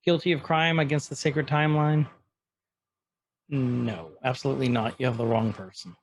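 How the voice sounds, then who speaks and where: A male co-host speaks at a normal speed and medium pitch, giving a casual rundown of a show on his podcast and playfully acting out lines as they come up. There's slight background noise.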